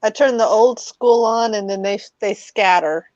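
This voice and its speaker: A woman's voice: medium pitch, a little slow, darkish tone, dry recording, highs cut off. A woman guest in a casual group chat, blunt and joking about her moods and her kids.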